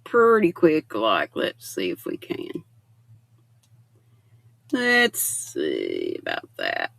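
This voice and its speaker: A woman's voice: rumbling low, wildly swooping pitch, very slow, creaky, fairly bright tone. A woman in her sixties hosting a casual livestream, chatting affectionately and reading viewer comments aloud. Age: 60s. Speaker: livestream host.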